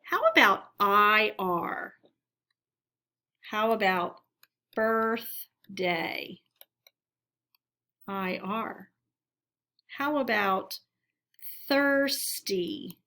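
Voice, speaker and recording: A woman teacher giving a recorded phonics lesson for children, reading words aloud slowly and deliberately for them to repeat. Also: mid-range voice, bright, forceful tone.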